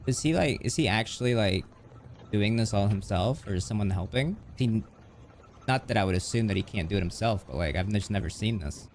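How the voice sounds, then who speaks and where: A man's voice: fairly low pitch, a little hiss or hum. A man live streaming in casual chat, rambling and stringing thoughts together with constant fillers. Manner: rambling, heavy use of "like" fillers. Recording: music playing underneath.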